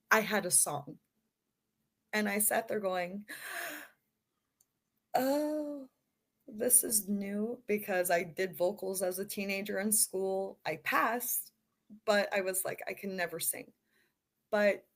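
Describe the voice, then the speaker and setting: A middle-aged woman from Canada, a model guest on a podcast, telling stories in a chatty, self-deprecating way. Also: medium pitch. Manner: chatty storyteller, self-deprecating, laughs easily. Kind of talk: casual chat.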